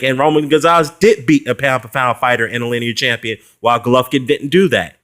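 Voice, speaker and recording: A man's voice: medium pitch, fast, few pauses, fairly bright tone. A man talking in a heated, mocking vlog rant, with frequent fillers and short laughs. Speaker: boxing commentary vlogger. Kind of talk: casual ranting response video.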